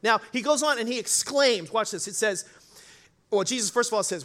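A man's voice: high voice, moderate pace. A man preaching a sermon as pastor, telling a Bible story and acting out the voices in it. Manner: animated, acts out Bible voices.

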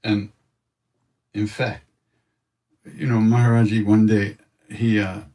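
A man telling a reflective personal story, animated and acting out other people's voices in his quotes. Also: fairly low pitch, slow pace, distant mic. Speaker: spiritual storyteller.

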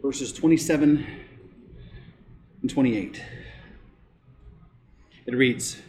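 A pastor preaching a sermon, emphatic, rising to loud declarations and dropping to quiet asides. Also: male voice, on the high side, normal speed.

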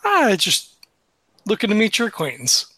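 A man's voice: high-pitched, wildly swooping pitch, normal speed, bright, forceful tone, breathy edge, voice pushed up, full character voice. A man playing a suave, flirty adventurer. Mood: flirtatious.

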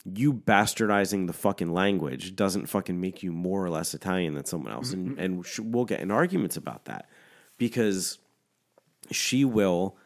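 A man telling a story in casual talk, ranting and swearing constantly with lots of "like" fillers. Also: low voice. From Philadelphia area. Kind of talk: casual profane storytelling rant.

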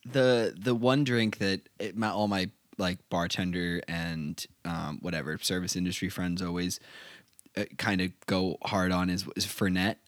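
A man's voice: deep voice, level tone, measured pace, no room sound. A man hosting a casual chat, asking hesitant questions full of fillers.

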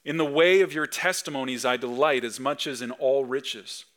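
Bright-voiced man preaching a sermon. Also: medium pitch, moderate pace. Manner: emphatic preaching, swinging between loud and soft; acts out dad talking to his kids. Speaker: pastor.

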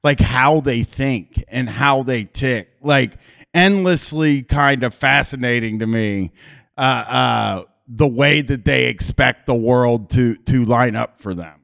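Male podcast host, casual chat, rambling storyteller, swears freely, mid-pitched voice. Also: takes it slowly, creaky, fairly bright tone. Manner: rambling, frequent restarts and swearing.

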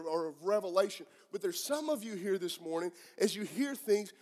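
A middle-aged Southern US pastor with a notably high, bright-pitched voice preaches to his congregation. His words ring out with a long reverb through the church hall. He is earnest and questioning, and he stumbles into restarts as he goes. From southeastern United States. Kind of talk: sermon. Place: church sanctuary.

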